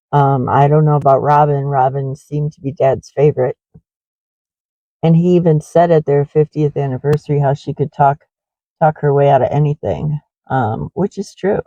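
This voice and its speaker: A woman's voice: sits low, warm tone, no echo, highs cut off. A middle-aged woman who runs a horse ranch, rambling in a confessional way with many fillers in a casual walking vlog.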